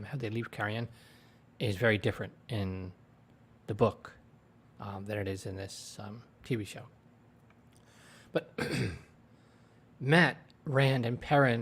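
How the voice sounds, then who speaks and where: His medium-pitched voice has a breathy edge as he reviews a TV episode casually at his desk microphone, rambling through scenes with lots of fillers.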